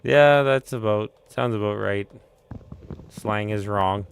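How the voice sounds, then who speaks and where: A man's voice: fairly low pitch, takes it slowly, creaky, slight background noise. A young man, chatting casually on a live stream and rambling through a story in an easygoing way. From Canada.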